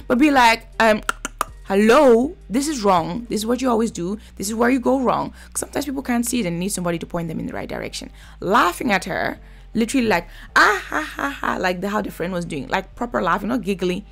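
A woman's voice: medium pitch, gravelly, fairly bright tone. A woman giving blunt, chatty commentary while reviewing a reality TV episode. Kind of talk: casual reaction commentary.

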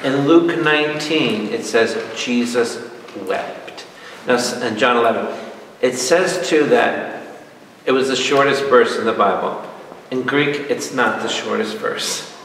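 A priest leading a Bible study, animated and jokey, quizzing his audience. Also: mid-range voice, unhurried, vocal fry. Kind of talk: lively Bible study teaching. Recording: echoey hall, mic far off, noisy.

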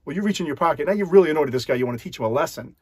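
A man's voice: fairly high pitch, lively intonation, racing, breathy edge, dry recording, studio quality. A man who is a magician, explaining a card scam to the viewer step by step in a conversational way. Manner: conversational, addresses the viewer directly. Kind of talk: explanatory talk to camera.

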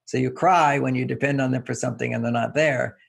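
A man with a deeply gravelly, husky voice talks through his ideas as an interview guest. He teaches through everyday stories and chuckles often along the way. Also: fairly even intonation, fast talker. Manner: anecdotal, instructive, chuckling. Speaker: relationship author and guest. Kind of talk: relaxed interview talk.

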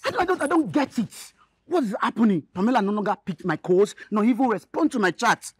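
A lovesick, rich Nigerian suitor in a film drama. His voice is high and husky, swinging widely in pitch. The sound is dry. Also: lively intonation, quick pace, no room sound. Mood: anxious. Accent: Nigerian Pidgin. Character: lovesick rich young Nigerian man, anxious then boastful.

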